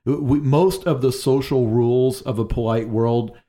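A man's voice: medium pitch, steady tone, a little slow, warm tone. A man talking through ideas in a casual panel discussion, thinking aloud with many fillers. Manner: loose, thinking aloud with frequent "like".

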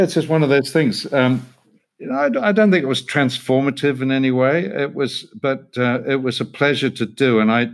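An older male actor telling rambling, self-deprecating stories as an interview guest, laughing often. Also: medium pitch. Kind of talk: casual interview anecdote.

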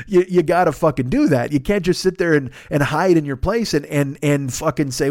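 A man's voice: fairly high pitch, animated, a little fast, few pauses, darkish tone, no echo. A man hosting a solo podcast, ranting in a profane, self-deprecating way into a close mic. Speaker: podcast host. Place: Los Angeles.

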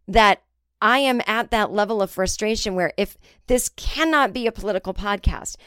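A woman's voice: a little high, a bit bright, clean tone, no room sound, clean studio sound. A woman comedian hosting her own podcast, talking in a candid, rambling and sometimes profane casual monologue. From United States.

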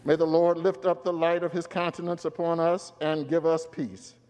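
A man offering a solemn, measured formal prayer. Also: fairly high pitch, level tone, a little mellow. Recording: reverberant legislative chamber.

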